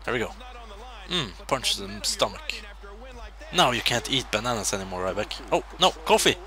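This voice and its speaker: A man casually commentating his own wrestling video game, excitable, jumping between loud shouts and quiet muttering. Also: medium pitch, moderate pace.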